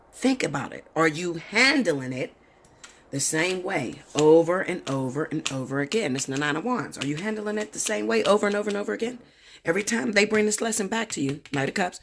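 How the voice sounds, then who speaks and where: A woman giving a casual tarot reading, talking bluntly and profanely with animated storytelling. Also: deep voice, husky. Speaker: tarot reader.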